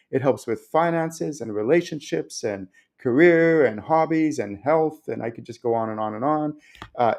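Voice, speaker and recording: A man hosting his own show, answering viewers' spiritual questions in a casual, animated way, full of fillers like um and like. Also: medium pitch. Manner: animated, chatty, many fillers. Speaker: spiritual teacher and show host. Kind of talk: casual Q&A talk.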